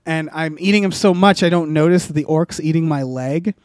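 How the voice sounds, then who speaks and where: A man's voice: fairly high pitch, brisk, darkish tone, no echo, studio quality. A man co-hosting a comedy podcast, rambling through an improvised story with many filler sounds and restarts. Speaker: podcast co-host.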